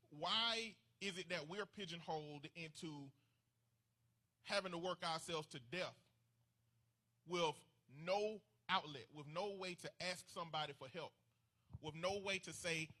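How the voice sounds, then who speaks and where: A man's voice: fairly high pitch, measured pace, sharp tone. A man speaking earnestly and emphatically about men's emotions, sometimes repeating words as he talks. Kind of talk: casual opinion talk.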